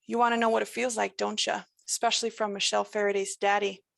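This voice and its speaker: A woman's voice: mid-range voice, little pitch movement, fast talker, creaky, dry recording. A woman voicing a menacing supernatural male stranger with a folksy drawl and a lilting, sing-song way of talking. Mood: lilting, creepy.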